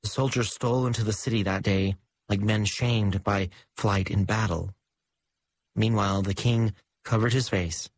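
A man reading scripture aloud in a measured, solemn liturgical style. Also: lowish voice, no echo, low-quality recording. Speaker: liturgical reader. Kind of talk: scripture reading and chanted responsory.

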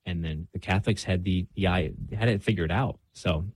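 A man's voice: sits low, normal speed, darkish tone, no echo. A young man telling his own faith story in a candid, self-deprecating way, full of fillers and restarts. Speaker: guest. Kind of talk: casual faith conversation.

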